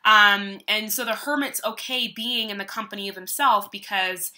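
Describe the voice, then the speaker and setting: A woman's voice: medium pitch, normal speed, bright, forceful tone. A young woman doing a casual, chatty tarot reading, talking in a meandering way with lots of fillers. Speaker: tarot reader.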